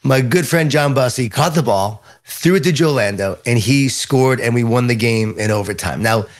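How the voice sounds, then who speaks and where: A middle-aged man with a Long Island New York accent, a guest author giving lively storytelling answers in an interview. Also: mid-range voice, moderate pace.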